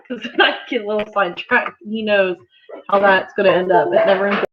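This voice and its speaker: A woman's voice: mid-range voice, moderate pace. A woman hosting a casual farm livestream from home, chatty and rambling, laughing often. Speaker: farm channel host. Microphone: laptop mic. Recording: slightly dull lo-fi livestream audio.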